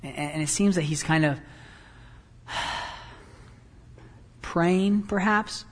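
Animated male preacher in a reverberant hall. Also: fairly high pitch, takes it slowly, long pauses. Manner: animated, swings between hushed and loud. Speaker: pastor. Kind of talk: sermon.

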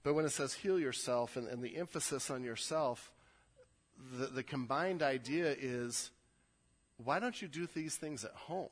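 A man's voice: medium pitch, measured pace. Earnest male pastor in an echoing hall. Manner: earnest, repeats words when building a point. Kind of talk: sermon. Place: church sanctuary. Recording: long hall reverb.

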